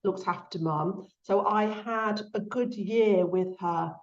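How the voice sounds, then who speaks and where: A middle-aged woman talks in a soft, heartfelt, conversational way. She keeps her pitch in a middle range and brightens when quoting. The recording is roomy and slightly dull. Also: slow. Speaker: guest author. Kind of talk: casual conversational interview. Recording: echoey, slightly dull sound.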